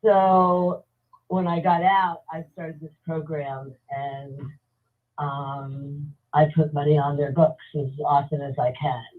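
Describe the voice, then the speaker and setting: A woman speaks slowly over a thin, phone-like call line that strips the fullness from her voice. She is a guest telling her story in a chatty, unhurried way, with small pauses between thoughts. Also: deep voice, steady tone. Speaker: guest, advocacy group founder. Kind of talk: casual remote interview.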